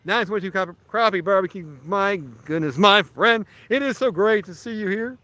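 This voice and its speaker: A man's voice: sits high, normal speed, pushed and bright, voice pushed up. A man voicing an overly cheerful male radio announcer in a bubbly, exaggerated, sing-song manner. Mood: gushing.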